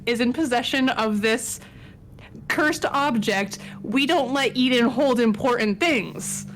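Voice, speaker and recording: Practical woman player, fairly high voice. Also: slow, a little hiss or hum. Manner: practical, planning aloud. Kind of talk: tabletop role-play.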